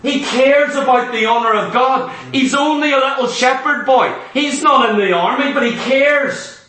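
A man's voice: very high-pitched, moderate pace, pushed and bright, a little hiss or hum. A man preaching a sermon with impassioned, emphatic repetition. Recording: echoey hall, speaker far from mic.

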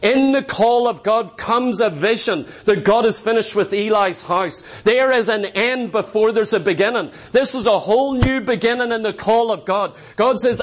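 A man's voice: sits high, normal speed. A man preaching an impassioned revival sermon, emphatic and repeating phrases for stress.

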